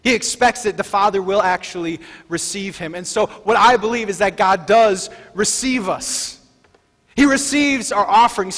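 High-voiced preacher in an echoing hall. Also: male voice. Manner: swings from soft and low to loud, shouting declarations. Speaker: pastor. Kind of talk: sermon.

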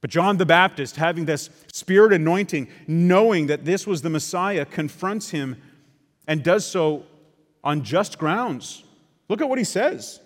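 Emphatic preacher in a reverberant hall. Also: male voice, fairly high pitch, unhurried. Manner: emphatic, with conversational asides to the congregation. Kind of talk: sermon. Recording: long reverb of a large hall.

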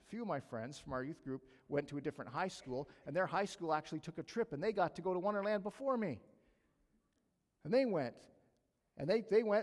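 A male pastor delivering a sermon in a church, mixing a lively personal anecdote with scripture. His voice sits a little high for a man and rings with long hall reverb. He acts out moments of the story with rising excitement. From Canada. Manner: animated storytelling, acts out his own panic.

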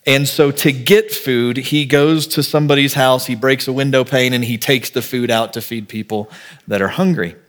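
A man preaching a sermon as a pastor in a relaxed, conversational way, thinking aloud and acting out little bits of dialogue to make his point. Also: medium pitch, moderate pace.

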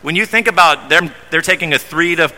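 A man's voice: fairly high pitch, brisk, bright, forceful tone. A male pastor preaching an expository sermon in a conversational way, often repeating and restarting words. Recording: long reverb in a large hall.

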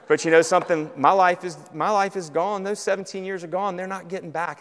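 A man with a Southern US accent preaching a sermon, earnest, swinging from loud urgency to hushed, intimate tones. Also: high-pitched, fairly even intonation, brisk, hardly any pauses. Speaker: pastor. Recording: long hall reverb.

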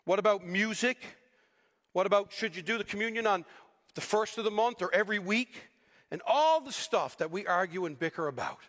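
A man preaching a sermon with animated delivery, acting out the people he quotes. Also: sits high, a little fast, in a large hall. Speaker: pastor.

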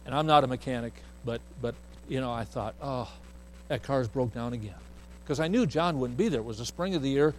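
A man's voice: medium pitch, brisk, a little mellow, a little hiss or hum, rough recording. Folksy preacher man telling a story. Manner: folksy storyteller who acts out the voices he quotes. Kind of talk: storytelling sermon.

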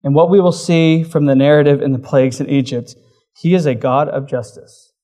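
A man preaching a sermon in a relaxed, conversational way, with frequent fillers like "like". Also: on the high side, brisk. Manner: conversational, uses many fillers. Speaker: pastor.

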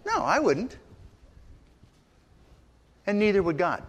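A man's voice: high voice, big pitch swings, takes it slowly, big-room sound. An older man preaching a sermon, telling family stories and acting out the voices of people in them. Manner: storytelling, acts out voices in quotes. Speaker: pastor.

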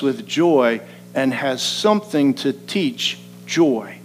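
A man preaching a sermon. He moves between quiet, slow reflection and rising, emphatic passages. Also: mid-range voice, expressive, rough recording. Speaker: pastor.

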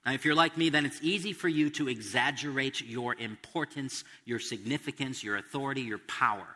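Bright-voiced man preaching in a hall. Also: mid-range voice, brisk. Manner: expository preaching with emphatic quotes and questions. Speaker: pastor. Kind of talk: sermon.

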